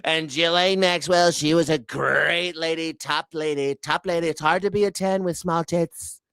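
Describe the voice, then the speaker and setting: A man doing a mocking impression of a boastful, crude older male politician, with a slow, self-satisfied drawl. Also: on the high side, fairly even intonation, fairly bright tone, smooth, no room sound, studio quality, pitched above the performer's own voice. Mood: smug.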